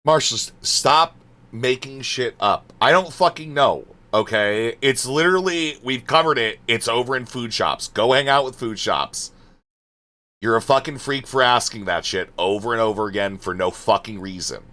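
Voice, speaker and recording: A man's voice: medium pitch, moderate pace, pushed and bright. A male streamer reading out his chat and answering it, exasperated and swearing, trailing off into muttered asides.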